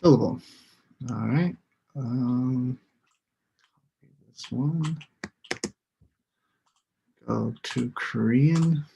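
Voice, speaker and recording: A man's voice: mid-range voice, very slow, creaky, pauses often, mellow, slight background noise. A man teaching a live online English lesson, patiently modeling words for students to repeat.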